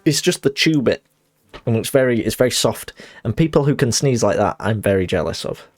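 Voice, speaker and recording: A man's voice: medium pitch, lively intonation, fairly quick, dry recording. A young man streaming a game, chatting in a rambling, self-conscious and apologetic way with giggly asides. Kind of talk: casual chat while streaming a game. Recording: dry close mic with faint music behind.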